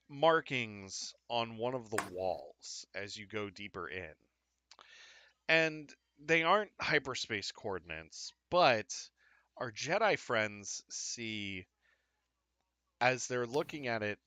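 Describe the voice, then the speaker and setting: A man's voice: medium pitch, sharp tone, dry recording. A man narrating as game master for a tabletop game, rambling and joking at his own expense with many fillers.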